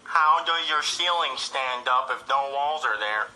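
A man's voice: mid-range voice, measured pace, echoey room, heavy background noise, close to an everyday voice. A man voicing a bratty, foul-mouthed boy puppet with a dull, dopey drawl.

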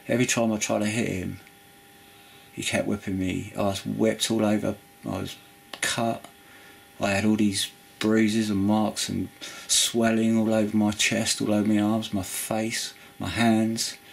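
A man's voice: on the low side, creaky, husky. A man giving an earnest, rambling spoken testimony about forgiveness, full of restarts and asides. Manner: rambling, earnest, with frequent restarts and "you know". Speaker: Christian video preacher. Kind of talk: informal spoken testimony and preaching.

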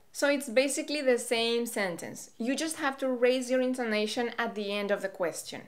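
A young woman from Colombia, a Spanish teacher, explaining grammar in a clear, measured way. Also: fairly high pitch. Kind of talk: language lesson.

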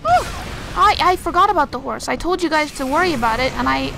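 Young woman, high voice, let's-play host. Chatty and self-talking, with easy frustration. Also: lively intonation, fast, vocal fry, noisy background. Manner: rambling, self-talking, exasperated. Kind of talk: casual gameplay commentary.

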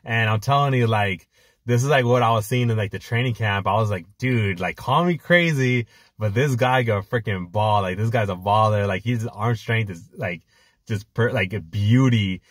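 A man co-hosting a fan podcast, talking in an excited, rambling way with lots of filler words. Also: fairly low pitch, moderate pace, dry recording, clean studio sound. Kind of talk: casual chat.

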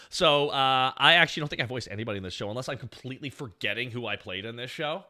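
A man's voice: medium pitch, rapid-fire, few pauses, pushed and bright. A man in his thirties doing casual stream commentary on his old series, rambling and swearing freely.

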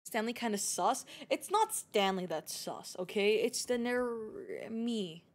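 Brief: young woman streamer, slightly high voice, laughs often, joking with chat. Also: very animated, slow pace. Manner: giggly, playful, teasing chat. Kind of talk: casual gaming live-stream chat.

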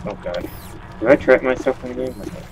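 A man's voice: medium pitch, fairly quick, background noise. A man hosting a casual let's-play, rambling and joking as he plays, swearing now and then at the game. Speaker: gaming channel host.

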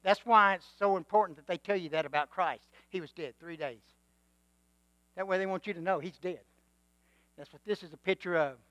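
A preacher man with a high, bright voice preaching a sermon. He drops to quiet reflection and then builds to loud, fervent exhortation, calling out for amens. The sound is close and dry, with little room echo. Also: fairly quick. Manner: swings from quiet musing to loud exhortation, calls for amen.

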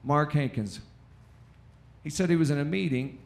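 An American man preaching a lively sermon in a church, with call-and-response and acted-out quotes. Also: on the high side, normal speed, creaky. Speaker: pastor. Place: church auditorium.

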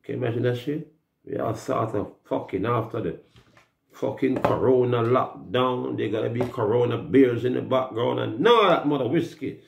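A man with a Jamaican accent on a loud, mocking, profanity-filled rambling rant. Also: medium pitch, normal speed, creaky. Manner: loud, cursing, mocking, laughing. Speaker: music artist. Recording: roomy echo.

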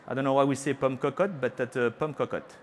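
A man's voice: mid-range voice, fairly even intonation, quick pace, slight background noise. A middle-aged man with a French accent, a chef giving a live cooking demonstration on a trade-show stage, chatty and playful, teasing the audience and dropping French words into his talk. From France.

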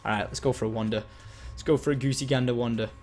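A man giving excitable live gameplay commentary as a game streamer, chatting with and thanking his viewers. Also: mid-range voice, fast.

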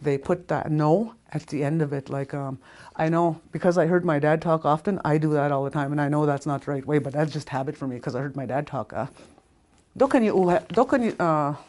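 A woman teaching a language class in a casual, chatty way, repeating words slowly with plenty of fillers. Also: low-pitched, steady tone, darkish tone.

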